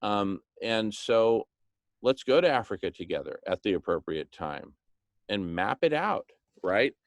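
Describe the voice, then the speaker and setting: A man talking with enthusiasm, pitching a plan and acting out little scenes, with "right?" thrown in often. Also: very animated, unhurried, no echo. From Hispanic background, speaks Spanish. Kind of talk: animated monologue.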